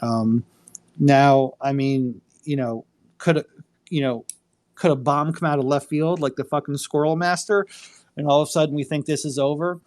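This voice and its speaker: A man's voice: fairly high pitch, steady tone, normal speed, a little mellow. Rambling, cussing male host. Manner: rambling, profane, many fillers. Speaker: attorney. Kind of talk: casual live chat.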